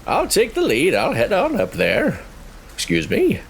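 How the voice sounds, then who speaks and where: A man putting on a squeaky little cat-like adventurer. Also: wildly swooping pitch, a little slow, vocal fry, a little hiss or hum, heavily acted. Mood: cheerful. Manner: squeaky, playful.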